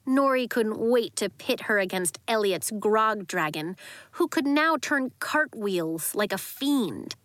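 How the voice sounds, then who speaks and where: A woman narrating a children's story in a lively, expressive way. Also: mid-range voice, slow pace, dry recording. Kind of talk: audiobook narration.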